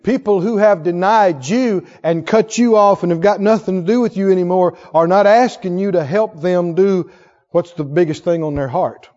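A man preaching a sermon with fervor, swinging from hushed tones to shouts. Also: high-pitched, normal speed. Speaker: pastor. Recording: dull sound in a long-reverb hall.

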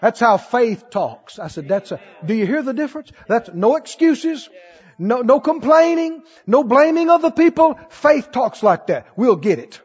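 A man's voice: very high-pitched, expressive, moderate pace, a little mellow, slightly rough. A man preaching a sermon as pastor, asking the congregation questions and acting out the voices of doubters. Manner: preaching with call-and-response questions; acts out quoted voices of doubters. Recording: dull recording in a large echoing hall.

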